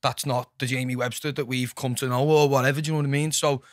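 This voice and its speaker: Fast-talking Scouse man. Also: medium pitch, no room sound, studio quality. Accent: Liverpool (Scouse). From Liverpool, England. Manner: fast, sweary, animated storytelling. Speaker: musician guest. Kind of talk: casual podcast chat. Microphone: studio mic.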